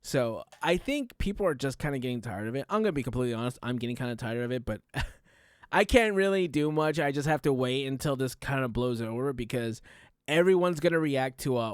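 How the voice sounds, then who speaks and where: A man streaming a reaction, talking casually in a loud, animated showman way. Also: medium pitch, smooth, no room sound, clean studio sound.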